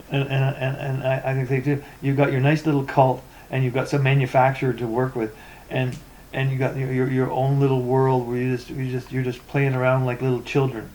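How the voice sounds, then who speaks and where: A man's voice: mid-range voice, completely flat delivery, brisk, a little mellow, a little hiss or hum. A man ranting in a vlog about poor tech support, reading forum posts aloud with sarcastic, exasperated comments and many stammered repetitions. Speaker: tech vlogger.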